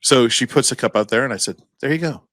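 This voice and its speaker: Clean studio audio with no echo captures a fast-talking podcast co-host whose medium-pitched voice is fairly bright. He spins a rambling story in casual chat, often laughing and doing voices for its characters.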